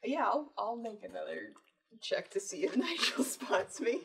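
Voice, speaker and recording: A woman's voice: fairly high pitch, huge pitch swings, a little slow, background noise. A woman taking part as a player in a tabletop role-playing game, chatty and laughing easily. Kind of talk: casual tabletop play chat. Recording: distant breathy mic.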